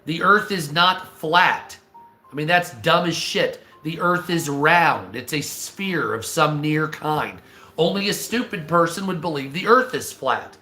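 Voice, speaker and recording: A man ranting casually on a live stream, swearing often, stammering and clearing his throat. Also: on the high side, lively intonation, measured pace, bright, forceful tone, echoey room, faint music behind. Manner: profane, exasperated, restarts and stammers.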